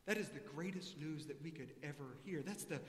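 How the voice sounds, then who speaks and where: High-voiced man preaching in an echoing church. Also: brisk, a little hiss or hum. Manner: storytelling, voice rising high and loud in the joke, dropping soft for emphasis. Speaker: pastor. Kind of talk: sermon. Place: large church sanctuary. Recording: echoey church hall.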